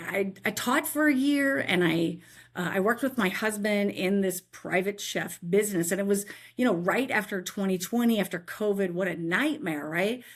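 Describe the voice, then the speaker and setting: A middle-aged woman telling a faith-filled personal story as a guest, animated and chatty, often checking in with "right?". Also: mid-range voice.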